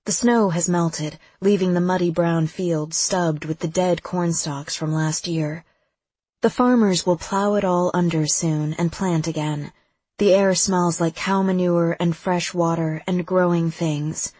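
A woman reads a first-person novel aloud with urgent, vivid delivery. Her voice is slightly low and husky, recorded close and dry. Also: steady tone, a little slow, darkish tone, no room sound. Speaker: audiobook narrator. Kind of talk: first-person audiobook narration.

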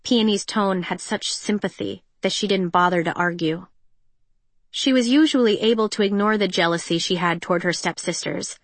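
Female audiobook narrator, mid-pitch, even delivery, dry studio sound. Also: moderate pace, no echo. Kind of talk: scripted narration.

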